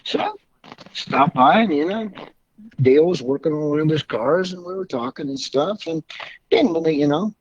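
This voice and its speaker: Older man, slightly high voice, folksy storyteller on a dull lo-fi recording. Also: lively intonation, moderate pace, breathy edge, no room sound. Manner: rambling, folksy, with mild swearing. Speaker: car club member, guest. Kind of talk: casual anecdotal storytelling.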